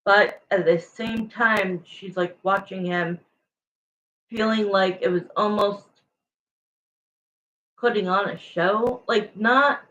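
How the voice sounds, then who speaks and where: A woman gives a tarot reading in an unhurried, meandering way, leaning on "like" and "you know" as she talks. Her voice sits at an ordinary pitch, and the recording sounds a little dull and lo-fi. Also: fairly even intonation, fairly bright tone. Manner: rambling, full of "like" and "you know". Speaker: tarot reader. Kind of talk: casual spoken tarot reading.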